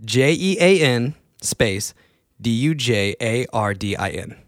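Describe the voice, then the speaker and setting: A young man chatting casually as a podcast host, rambling between mumbled asides and excited outbursts. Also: mid-range voice, dry recording, studio quality. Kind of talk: casual solo chat.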